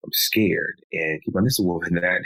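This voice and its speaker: A man, a podcast guest, recounting a painful personal story in a slow, measured way. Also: low voice, lively intonation, a bit bright, low-quality recording. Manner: slow, measured telling with pleading quoted lines.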